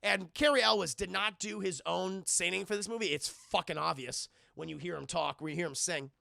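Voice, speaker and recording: A man's voice: sits high, moderate pace, vocal fry, pushed and bright, no room sound, studio quality. A young man streaming a profane, rambling movie recap, constantly talking to his chat.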